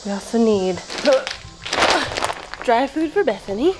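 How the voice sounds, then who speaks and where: A woman's voice: a little high, expressive, measured pace, roomy sound, heavy background noise. Chatty self-mocking woman in her thirties. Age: 30s. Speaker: vlogger and kitten foster. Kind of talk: casual get-ready-with-me vlog. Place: at home getting ready.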